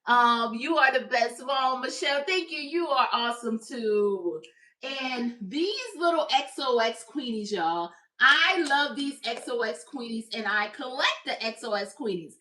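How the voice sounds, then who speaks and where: A woman's voice: fairly high pitch, expressive, a little slow, pushed and bright, echoey room, distant mic. A woman hosting a crochet livestream, chatting upbeat with her viewers. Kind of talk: casual livestream chat.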